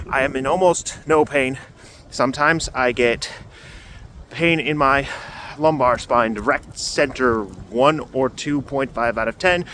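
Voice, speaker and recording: A man's voice: medium pitch, pushed and bright, slight background noise. A man giving a casual health update while walking outdoors on a cold day and holding the camera himself, talking in a loose, rambling way with fillers. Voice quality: muffled through a face covering at first. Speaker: vlogger giving a recovery update. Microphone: handheld camera.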